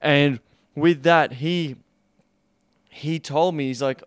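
A man hosts his own podcast as a sex coach, speaking in an emphatic motivational monologue. His voice is smooth and resonant, recorded close and dry, and he repeats his points, swears freely and stretches out the stressed words. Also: a little high, steady tone, slow, no echo.

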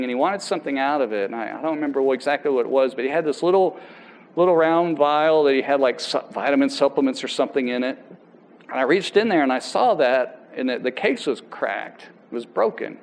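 A man's voice: a little high, low-quality recording. Man preaching a conversational sermon. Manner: conversational, halting restarts, quotes people aloud. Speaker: pastor. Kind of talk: sermon with personal story.

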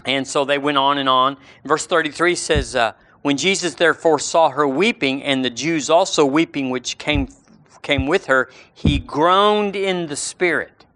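A man preaching a sermon, slowing down for scripture and rising on key words. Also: medium pitch, a bit bright, no echo.

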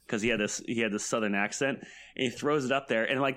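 A man's voice: mid-range voice, quick pace, fairly bright tone. Laid-back man telling a game story. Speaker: podcast guest, game master. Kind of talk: casual podcast chat.

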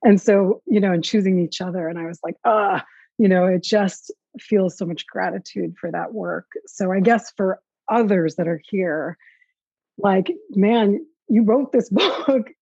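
Husky, gravelly woman hosting a chat. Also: medium pitch, a little slow, no room sound, lo-fi sound. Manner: warm, gushing, many fillers. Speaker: host. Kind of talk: casual interview chat.

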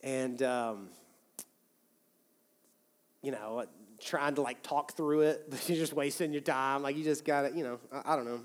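A man's voice: medium pitch, measured pace, pauses often, big-room sound. A man in his thirties, a pastor, preaching a sermon in a candid, conversational way, often restarting his phrases. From United States. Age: 30s. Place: church sanctuary with long reverb.

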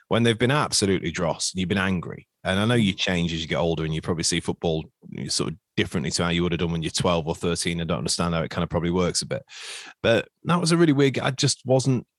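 Guy hosting a footy podcast, rattles on quick, lowish voice, dry close sound. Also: dry recording. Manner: chatty, rambling, quick asides. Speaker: podcast host. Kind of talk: casual chat.

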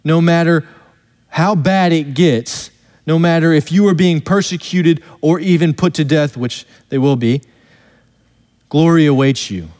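A man preaches in a somewhat high voice, and his words trail off into the long reverb of a church sanctuary. He reads scripture slowly and with weight, then moves on in earnest explanation. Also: a little mellow. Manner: earnest expository preaching, slows down to stress quoted verses. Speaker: pastor. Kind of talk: sermon.

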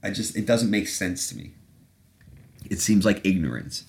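Man, podcast host, very low voice, rambling, sarcastic, profane. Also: expressive, normal speed, creaky. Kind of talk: casual chat.

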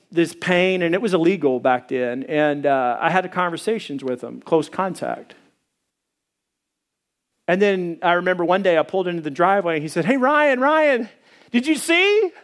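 A middle-aged man preaching a sermon as a pastor, telling stories in a conversational way with many fillers and hesitations. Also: normal speed. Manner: acts out quoted voices in a higher pitch.

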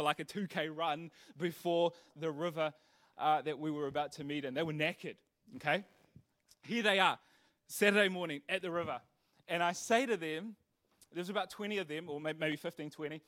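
A young man preaching a sermon, telling a funny story with animated energy before turning earnest. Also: a little high. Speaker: pastor.

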